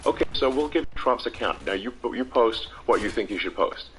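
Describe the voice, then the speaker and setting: A man as an interview guest, talking casually in a halting way with many restarts. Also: medium pitch, lively intonation, a bit bright, slight background noise. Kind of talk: casual conversation.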